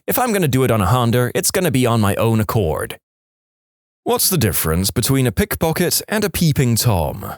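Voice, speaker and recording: Lively-pitched man telling jokes. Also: no room sound, studio quality. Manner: animated, slips into funny character voices. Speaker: podcast narrator. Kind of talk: joke storytelling narration.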